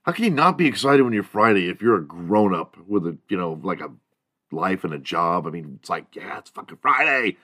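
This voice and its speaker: A man with a low voice hosts a comedy podcast, rambling and cursing with hyped energy. The recording is dry and close, with no room echo. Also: animated, normal speed, bright, forceful tone. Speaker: podcast host. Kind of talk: casual comedy podcast monologue.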